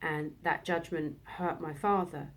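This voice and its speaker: A woman in her thirties telling a personal story, halting and emotional, with many restarts. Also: low-pitched, fairly even intonation. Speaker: vlogger.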